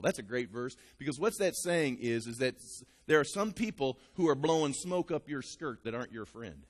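A male pastor preaching an animated sermon, talking straight to his congregation. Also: mid-range voice, fairly quick, big-room sound.

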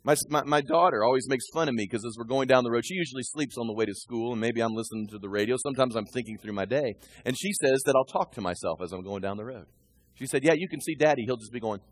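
A male pastor preaching a sermon, shifting between quiet asides and loud, emphatic readings of scripture. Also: medium pitch, fast talker, breathy edge, no room sound.

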